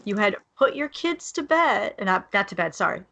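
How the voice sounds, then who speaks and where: A woman co-hosting a podcast, telling a story in an animated way and drawing her listeners in. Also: medium pitch, moderate pace, creaky. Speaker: podcast co-host. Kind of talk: casual storytelling chat.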